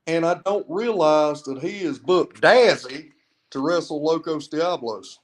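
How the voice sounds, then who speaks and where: As a podcast guest, a man tells long, rambling stories casually, circling back and restarting his sentences. His slightly raised, fairly high voice stays conversational and unhurried, but the audio is poor.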